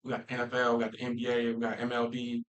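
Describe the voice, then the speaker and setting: A man from Minnesota hosting a casual football talk stream, animated and playful, laughing often and using slang. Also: mid-range voice, fast, rough recording. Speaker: football talk show host. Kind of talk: casual livestream chat.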